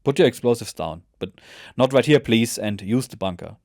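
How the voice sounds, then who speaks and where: A man voicing a calm veteran soldier who speaks matter-of-factly with light mockery. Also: medium pitch, moderate pace, no room sound, studio quality, close to an everyday voice. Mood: wry.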